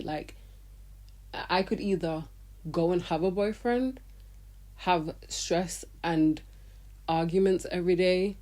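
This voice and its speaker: A woman's voice: on the low side, warm tone. A woman in her thirties talking bluntly to camera in a casual vlog, swearing freely and dropping slangy asides. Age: 30s. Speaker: vlogger. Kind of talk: candid casual monologue.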